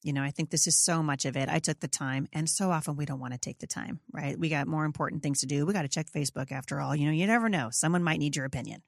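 Low-voiced middle-aged woman hosting a podcast. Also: fast talker, gravelly, few pauses, no room sound, clean studio sound. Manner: earnest, encouraging, chatty. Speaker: podcast host. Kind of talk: conversational podcast interview.

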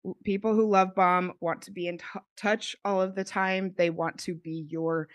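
A woman co-hosting a podcast in casual chat, laying out points in a measured way. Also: on the low side, little pitch movement, dry recording, studio quality. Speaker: podcast co-host.

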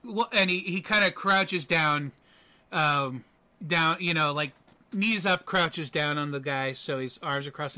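A man narrating a tabletop game as game master, halting and full of fillers. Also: fairly high pitch, sharp tone, a little hiss or hum.

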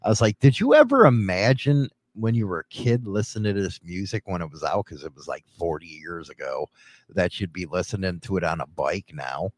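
A middle-aged man with a low, gruff voice that swings up and down as he teases and brags. He talks on a dry, close studio microphone like a radio host in casual banter. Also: expressive, fairly quick, dry recording. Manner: gruff, teasing and boastful.

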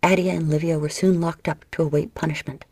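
A woman reading a novel aloud in steady, measured audiobook narration. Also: low voice, dry recording, clean studio sound.

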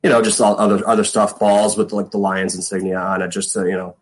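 Deep-voiced man telling stories. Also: monotone, quick pace, low-quality recording. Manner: rambling, many fillers, acts out quotes. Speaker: guest, former pro football punter. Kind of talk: casual storytelling interview.

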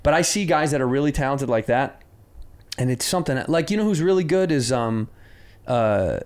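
A man's voice: mid-range voice, expressive, fairly quick, a little mellow. Laid-back, profane comedian man. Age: 40s. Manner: laid-back, profane, says "dude" often. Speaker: comedian guest. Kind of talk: casual chat.

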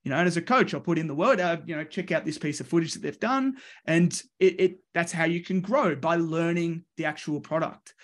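Australian male wrestling coach, high voice, lively storyteller who does the voices. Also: brisk, hardly any pauses. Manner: lively, voices the people in his stories. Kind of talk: animated storytelling.

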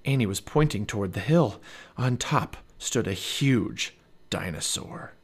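A man narrating a children's storybook aloud as a parent, with an expressive read-aloud delivery. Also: mid-range voice, unhurried, breathy edge.

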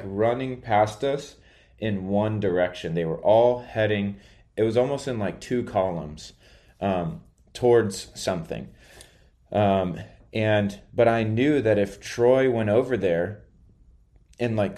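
A man's voice: lowish voice, warm tone. A man podcaster telling a story in a casual monologue, rambling and hesitant, drowsy after a nap. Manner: rambling, hesitant, many filler words.

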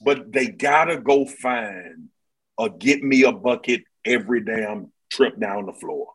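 A man's voice: medium pitch, measured pace, a bit bright, slightly rough, rough recording. A man talking basketball in a casual, slangy, emphatic way on a podcast. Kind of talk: casual sports chat.

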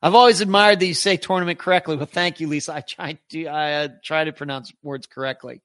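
A man's voice: a little high, steady tone, quick pace, fairly bright tone, dry recording, clean studio sound. A middle-aged man hosting a live podcast, reading viewer comments aloud in a rambling, chatty way with many restarts. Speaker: podcast host.

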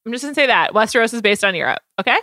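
Female co-host, bubbly and giggly, bright lively voice. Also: a little high, dry recording. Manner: bubbly, laughing, quick to agree. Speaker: podcast co-host. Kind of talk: casual chat.

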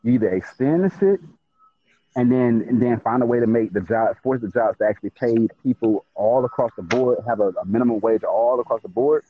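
A man's voice: medium pitch, fairly quick. A man in a casual podcast chat, telling stories with lots of repeats and stutters as he gets worked up. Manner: animated storytelling, stutters and repeats when worked up. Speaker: podcast co-host. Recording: tinny phone-like sound.

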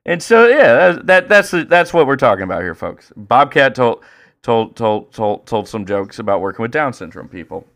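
A man co-hosting a podcast in casual chat, profane and excitable, prone to loud rants. His pitch swings a lot, and his tone is bright and forceful. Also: moderate pace. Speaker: podcast co-host.

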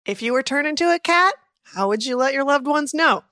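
Bright, excitable woman co-host. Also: high-pitched, brisk, no echo, studio quality. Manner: excitable, giggly, rambling. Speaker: podcast co-host. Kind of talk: casual comedic chat.

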